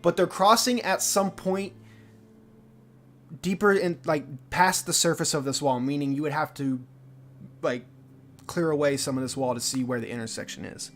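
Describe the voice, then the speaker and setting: A man's voice: on the high side, moderate pace, pauses often, fairly bright tone, a little hiss or hum. A young man narrating as game master in a live tabletop game, rambling loosely with lots of fillers.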